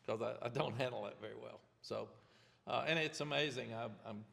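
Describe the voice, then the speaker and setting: A man in his seventies, a head coach answering press questions candidly, rambling with restarts in a gravelly voice. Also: mid-range voice, brisk, a bit bright, long reverb tail. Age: 70s. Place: press conference room.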